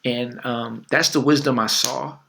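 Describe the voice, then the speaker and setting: A man's voice: mid-range voice, steady tone, unhurried, gravelly, a bit bright. A man coaching on dating in a casual, conversational way, full of fillers and little acted quotes. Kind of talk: casual advice talk.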